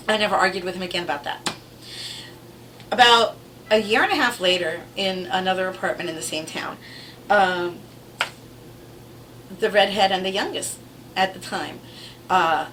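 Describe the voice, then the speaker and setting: A woman with a bright, forceful voice, telling her stories bluntly and with wry humor, cursing as she goes. She sounds a little distant from the mic, with faint noise behind her. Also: medium pitch. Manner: blunt, swears freely, wry and animated. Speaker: vlogger telling family stories. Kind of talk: casual storytelling to camera.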